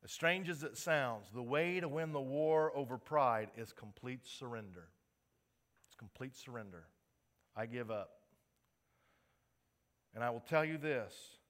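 Bright-voiced preacher delivering an impassioned sermon. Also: male voice, mid-range voice, measured pace, long pauses. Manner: impassioned, rising to emphatic peaks then dropping soft. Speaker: pastor. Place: church.

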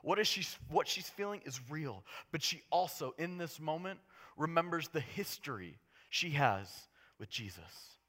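A man preaching a sermon as a pastor, impassioned and swinging between hushed storytelling and loud, urgent delivery. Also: on the high side, expressive, unhurried.

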